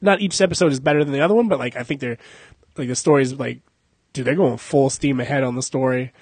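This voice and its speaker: A man's voice: mid-range voice, fast, a little mellow, breathy edge, no room sound. A young adult man hosting a casual podcast, joking, cursing and laughing a lot. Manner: profane, joking, laughs often. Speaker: podcast host.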